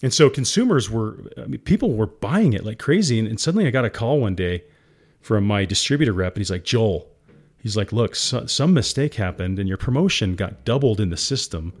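A guest entrepreneur in an interview candidly recounts a hard business moment, getting teary and laughing often while calling the host "guy." His fairly low voice has lively intonation, and he talks a little fast.

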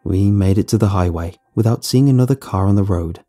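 A man tells a first-person horror story in a steady, tense way. His voice is low, very dark and slightly husky, with soft music underneath. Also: brisk. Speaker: narrator.

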